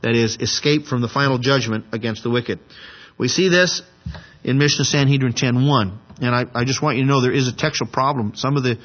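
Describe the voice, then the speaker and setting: A man with a husky, breathy voice teaches a Bible lesson. He reads a commentary in a measured, scholarly way and drops into casual asides. The sound is dull and slightly muffled. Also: medium pitch. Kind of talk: reading a commentary aloud and adding asides.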